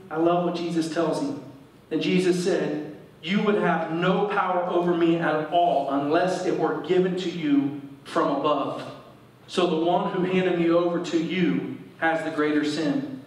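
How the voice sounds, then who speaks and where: High-voiced preacher in an echoey church. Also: male voice, far from the mic. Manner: preaching, reading scripture and explaining it to the congregation. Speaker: pastor. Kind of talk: sermon. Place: church service.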